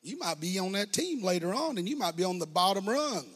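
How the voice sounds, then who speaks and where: A pastor with a high, husky, slightly bright voice preaches to his congregation briskly and with great animation. His fervor climbs as he addresses listeners directly, tossing in call-and-response asides, all in a reverberant hall.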